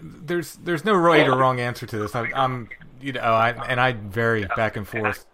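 A man's voice: medium pitch, normal speed, sharp tone, faint music behind. A male host asking thoughtful, musing questions in a casual interview.

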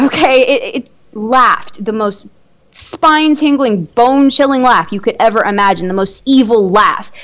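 A woman's voice: fairly high pitch, a bit bright. An adult woman telling a personal ghost story as an interview guest, chatty, with many fillers and small nervous laughs.

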